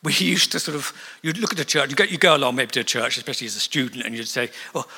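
A man preaching a sermon in a church, conversational and animated, with asides and acted-out quotes. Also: medium pitch, very fast, husky. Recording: long reverb of a church hall.

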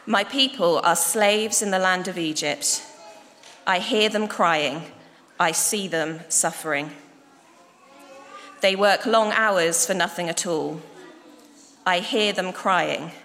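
God from a burning bush, read by a woman: solemn, pleading, slow, echoey hall. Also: lowish voice, fairly bright tone. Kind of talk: storytelling in worship. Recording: echoey hall, faint noise.

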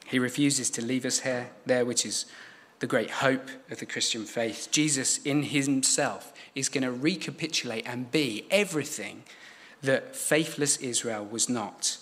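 A man preaching a sermon, measured and emphatic, repeating key phrases for weight. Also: medium pitch, fairly bright tone.

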